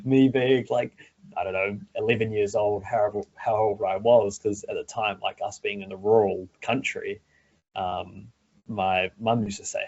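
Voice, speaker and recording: A young man, chatting as a guest in a relaxed way, laughing easily and swearing casually. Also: on the low side, normal speed, slightly rough, highs cut off. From New Zealand. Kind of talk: casual chat.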